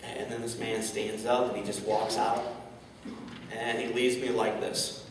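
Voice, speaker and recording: A St. Louis, Missouri man gives an inspirational keynote talk in a large indoor event hall, his voice on the low side with little pitch movement and a measured pace. He stammers into repeats and keeps asking rhetorical questions. Captured from a distance, the echoey recording carries background noise.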